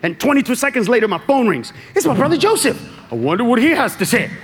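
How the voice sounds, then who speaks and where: A man performing a stand-up comedy set on a club stage, animated and shouting his punchlines. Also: very high-pitched, fast. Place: comedy club stage before a laughing audience. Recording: live club recording with loud crowd and noise.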